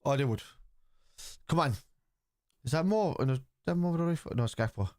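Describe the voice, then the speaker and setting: An Irish man hosting a live football watchalong, bluntly arguing with his chat, swearing freely and shouting at chances. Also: mid-range voice, animated, brisk, dry recording, studio quality. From Ireland.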